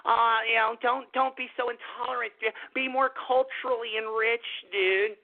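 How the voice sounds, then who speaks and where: A man's voice: extremely high pitch, steady tone, moderate pace, voice pushed up. A man mimicking a whiny preachy liberal. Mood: sneering. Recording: tinny phone-line radio audio.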